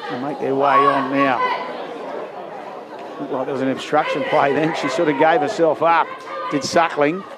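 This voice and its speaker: With a flat delivery, a moderate pace and long pauses, a man provides live commentary on a rugby league game at an outdoor ground. Big plays push his voice higher and louder. The clip carries loud crowd and outdoor noise.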